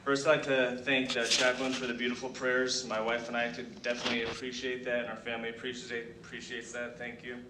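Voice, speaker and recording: A middle-aged man speaks at his own retirement ceremony, thanking people in a halting, emotional way with lots of ums and restarts. His voice stays fairly flat in pitch and comes from some distance off the mic. A big echoey hall and steady background noise surround him. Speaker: retiring senior master sergeant giving a speech.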